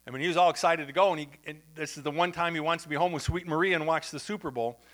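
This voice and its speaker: Speaking very fast in a slightly high voice, a male pastor delivers a church sermon as an animated, conversational story, pausing for asides to the congregation.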